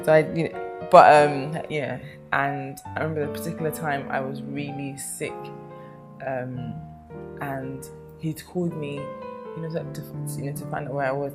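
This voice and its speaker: Chatty low-voiced woman. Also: fairly even intonation, moderate pace, loud music behind the voice. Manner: chatty, rambling, affectionate, many fillers. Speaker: vlogger. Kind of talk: casual to-camera chat.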